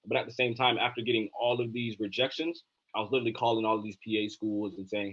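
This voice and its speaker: A young man in his twenties, a physician assistant student, telling his story in a relaxed, casual interview with many fillers. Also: lowish voice, quick pace. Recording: dull lo-fi sound.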